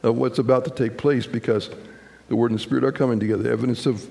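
Male pastor, gravelly and mellow, folksy halting delivery, long hall reverb. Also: medium pitch, fairly even intonation. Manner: folksy, halting, with many fillers and restarts. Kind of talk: sermon. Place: church sanctuary.

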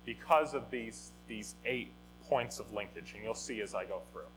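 A man teaching a Bible lesson in a conversational, animated way, often restarting and correcting himself. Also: on the low side, normal speed, over music, low-quality recording. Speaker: teacher of a Bible study or sermon. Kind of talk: informal teaching talk.

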